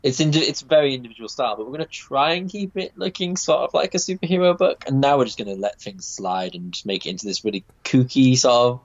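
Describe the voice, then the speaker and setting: A man talks casually about a comic book in a middle-pitched voice. He rambles, pausing often and circling back to restart his thoughts. The audio is slightly dull and lo-fi. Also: animated. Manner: rambling, many fillers and restarts.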